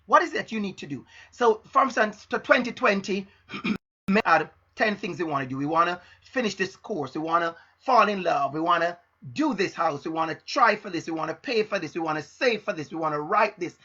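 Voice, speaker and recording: Man, motivational speaker, bright and sharp tone, slightly husky, dull lo-fi sound. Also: sits high. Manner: emphatic, repeats phrases for stress; frank and direct. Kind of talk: motivational live-stream talk.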